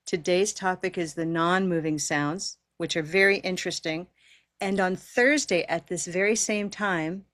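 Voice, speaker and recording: Woman, pronunciation teacher on a video call; patient, encouraging, lowish pitch, dry sound. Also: no echo. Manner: patient, encouraging, models long held vowels. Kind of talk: online class teaching.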